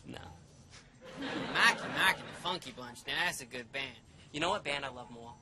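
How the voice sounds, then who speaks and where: A man's voice: medium pitch, moderate pace, noisy background, close to an everyday voice. A man playing a pushy store clerk who teases a customer in a comedy sketch. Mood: teasing. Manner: teasing, mocking, overbearing. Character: pushy male store clerk, a mocking wannabe actor.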